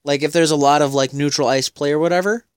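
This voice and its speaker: A man's voice: on the high side, fairly even intonation, clean tone, dry recording, studio quality. A man co-hosting a podcast, chatting casually about hockey, playful and teasing, often trailing off. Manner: playful, quick to tease, trails off mid-thought. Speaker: podcast co-host.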